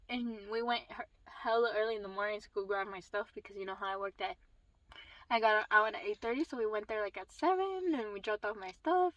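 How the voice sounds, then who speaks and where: Casting: young woman, high voice, dry close sound, swears a lot in a storytime vlog. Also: no room sound, rough recording. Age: young adult. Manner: swearing, animated storytelling with acted quotes. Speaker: vlogger.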